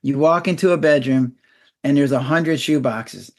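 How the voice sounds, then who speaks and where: A man in his sixties, a physician guest in an interview, explaining in a lively way and acting out little scenes in a raised voice. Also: medium pitch, moderate pace. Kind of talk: conversational interview.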